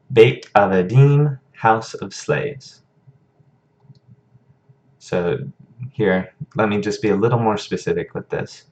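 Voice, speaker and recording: A man's voice: on the low side, a little mellow. A man teaching a recorded lesson, explaining patiently and checking in with frequent "okay"s.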